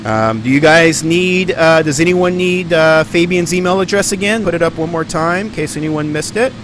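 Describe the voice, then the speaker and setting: A man's voice: on the high side, normal speed, noisy background. A man giving live stream commentary on a flight simulator, rambling and thinking aloud with plenty of ums and uhs.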